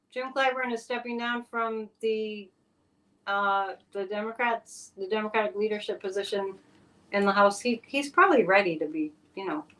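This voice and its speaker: A woman with a medium-pitched, fairly bright voice hosts a psychic live stream. She delivers casual political commentary in a chatty, exclamatory style with sarcastic asides.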